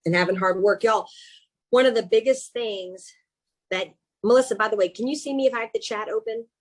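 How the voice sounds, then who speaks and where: A woman with a Southern accent coaches a webinar audience over a video call. Her voice has a husky grain, and she keeps her delivery chatty and animated. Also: fairly high pitch, a little fast, low-quality recording. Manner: chatty and animated, with self-mocking asides. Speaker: executive coach. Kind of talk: webinar presentation.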